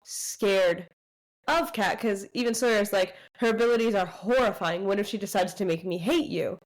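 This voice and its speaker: A young woman co-hosts a book podcast in a mid-range voice. She retells the chapters in an easygoing way, acting out the characters' lines. Her delivery is relaxed and conversational. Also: mid-range voice, normal speed, rough recording. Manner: retells scenes by quoting characters, frequent "you know". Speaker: podcast co-host. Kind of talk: casual book discussion.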